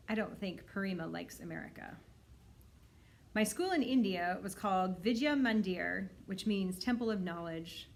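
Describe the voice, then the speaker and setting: A woman librarian reading a children's novel aloud in a clear, steady storytelling manner. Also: mid-range voice, moderate pace.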